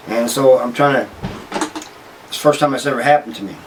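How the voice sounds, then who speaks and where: Telling prison tales on his own channel, a man speaks briskly at a medium pitch, restarting often and dropping in "you know" asides as he rambles. The mic is distant, the recording rough, with some faint noise behind him.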